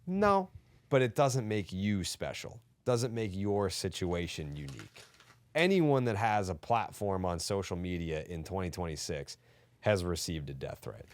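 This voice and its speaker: A man co-hosting a sports podcast, ranting heatedly and swearing often. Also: low-pitched. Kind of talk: casual sports talk.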